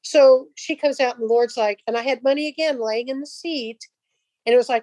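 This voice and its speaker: A woman's voice: high-pitched, brisk, darkish tone, no room sound, low-quality recording. An older woman casually telling a personal faith story, rambling with restarts and acting out the dialogue. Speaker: guest sharing a testimony.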